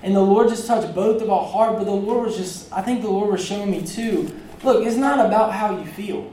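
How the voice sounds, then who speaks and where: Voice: medium pitch, brisk, mellow, roomy sound, distant mic, a little hiss or hum, rough recording. A preacher giving a casual, conversational sermon with a personal story, speaking straight to the congregation in a church sanctuary. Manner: conversational, chatty, addresses the congregation directly.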